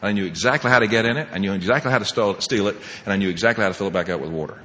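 A man sharing his personal recovery story as a speaker at a meeting, animated and laughing often, swinging between loud and hushed. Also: fairly low pitch, racing, in a large hall.

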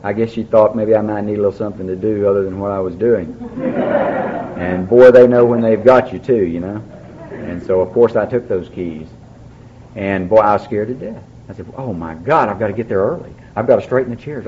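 A man's voice: lowish voice, brisk, a little hiss or hum. A man speaking at a recovery meeting, telling his story in a folksy way with dry humor. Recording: dull lo-fi recording, faint background.

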